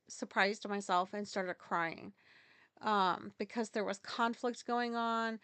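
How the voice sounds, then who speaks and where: A woman's voice: fairly high pitch, a bit bright, smooth, no echo. A woman telling a personal story in a casual, rambling, candid way, swearing freely and using many fillers. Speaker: podcast host.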